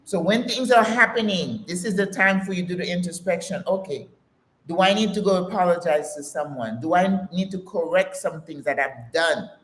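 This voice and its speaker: A woman's voice: fairly low pitch, moderate pace. Woman, sixties, vlog host, motivational talk, preachy, emphatic, echoey room. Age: 60s. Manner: preachy, emphatic, calls listeners sis. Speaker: channel host. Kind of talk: casual motivational talk to camera.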